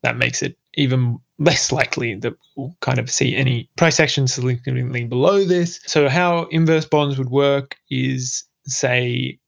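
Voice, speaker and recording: Man, Australian accent, podcast host, gravelly, mid-pitched, laid-back, rambling. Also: fairly even intonation, moderate pace, few pauses. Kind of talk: casual crypto news chat.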